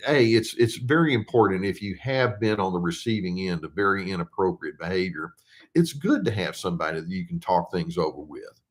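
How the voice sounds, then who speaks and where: A man's voice: sits low, a bit bright. An older man, a therapist, answering viewer questions in casual explanatory talk, with plenty of fillers and restarts. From United States. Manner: conversational, with frequent fillers and restarts; reads questions aloud slowly and deliberately.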